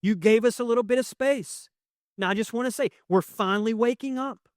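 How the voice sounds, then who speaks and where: A young man preaching a sermon as pastor, conversational and emotional, swinging from loud to hushed. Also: very high voice, a little fast, dry recording, clean studio sound. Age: young adult. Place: church sanctuary with audience.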